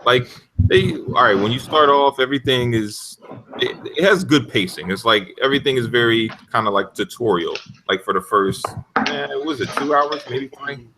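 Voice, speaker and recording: A man on a gaming podcast telling animated stories in casual talk, with frequent cursing and loud outbursts. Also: medium pitch, normal speed, background noise. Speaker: podcast panelist.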